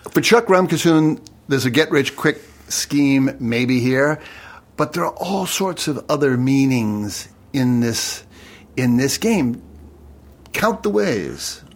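A male interviewer asking a novelist about his book in slow, expressive questions. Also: mid-range voice.

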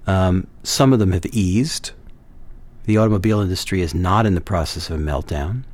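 A man discussing politics on a panel, measured and hesitant, with many fillers and restarts. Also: deep voice, darkish tone. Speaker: guest commentator.

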